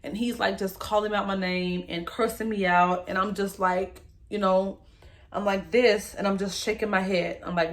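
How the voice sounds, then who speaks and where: A young woman, emotionally recounting a personal story to the camera in a candid, halting way and speaking straight to her viewers. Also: mid-range voice, fairly even intonation. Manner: candid, halting, speaks to viewers as "y'all", voice rises when reliving moments. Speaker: vlogger telling her story.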